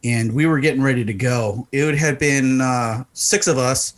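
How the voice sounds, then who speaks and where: A man telling a long story on a podcast, with a voice of middling pitch. He is animated and loose, and his pitch jumps up whenever he wants to stress a point. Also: normal speed. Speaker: podcast co-host. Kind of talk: casual storytelling.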